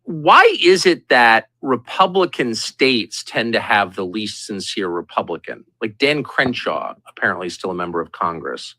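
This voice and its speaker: A man's voice: on the low side, very animated, moderate pace, few pauses, pushed and bright, no room sound. A man in a commentary clip asking indignant rhetorical questions.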